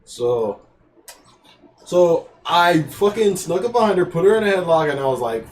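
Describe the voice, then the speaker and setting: A man's voice: fairly high pitch, very animated, normal speed, a little hiss or hum. Swearing young man telling a story. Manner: rambling storytelling, heavy swearing. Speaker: podcast host. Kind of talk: casual chat.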